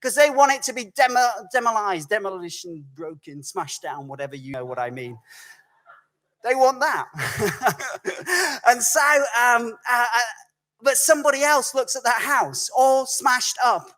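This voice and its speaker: A man preaching as a guest speaker in a recorded video message, telling stories in a conversational, animated way and often correcting himself mid-sentence. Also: very high-pitched, measured pace. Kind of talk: storytelling sermon.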